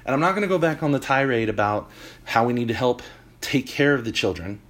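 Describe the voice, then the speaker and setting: A man hosting a talk show, delivering an animated opinion monologue with emphatic points and joking asides. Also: medium pitch, fairly quick. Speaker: podcast host.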